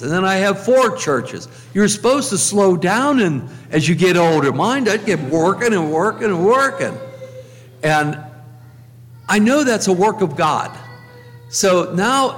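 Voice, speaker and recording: A man's voice: on the high side, a bit bright. An older man, a pastor, telling chatty, joking stories of his life in a farewell talk to his church. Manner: chatty storyteller, jokes and repeats himself. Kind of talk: humorous farewell talk from the pulpit. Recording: long church reverb.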